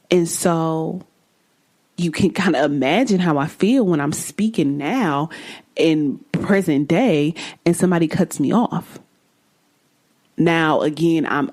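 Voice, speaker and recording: A woman's voice: deep voice, darkish tone. A woman hosting a podcast alone, speaking bluntly and with open exasperation, swearing freely, in a casual way. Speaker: podcast host. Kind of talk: casual solo podcast talk.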